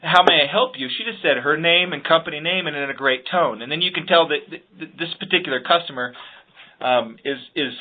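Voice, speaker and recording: Earnest guy coaching phone greetings, kinda high voice, sounds like a phone line. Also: brisk. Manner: earnest, emphatic, repeats words when starting a point. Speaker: sales trainer. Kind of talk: podcast instruction on phone skills. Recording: phone-like lo-fi audio.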